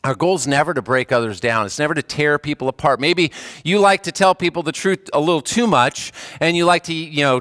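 A man's voice: on the high side, a bit bright, dry recording, studio quality. A man preaching a sermon as a pastor, earnest and conversational, with rising emphasis on key points.

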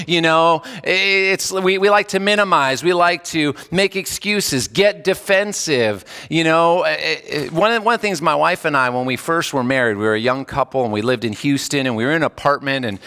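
A man's voice: on the high side, fairly quick, few pauses, pushed and bright, clean tone, long reverb tail. A man in his thirties preaching a sermon as a pastor, talking conversationally with restarts and chuckles. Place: church sanctuary.

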